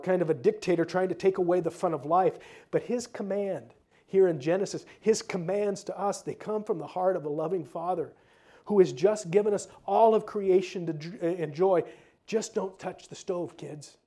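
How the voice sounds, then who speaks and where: A man's voice: sits high, mellow. A male pastor preaching a conversational sermon, with casual asides and repeated words.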